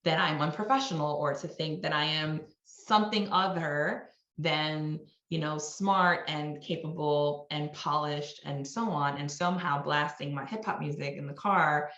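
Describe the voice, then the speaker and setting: A woman's voice: low voice, a little slow, hardly any pauses, a bit bright, echoey room, highs cut off. A woman from New York, a marketing executive, speaking as a guest in a podcast interview in a candid, conversational way with frequent restarts.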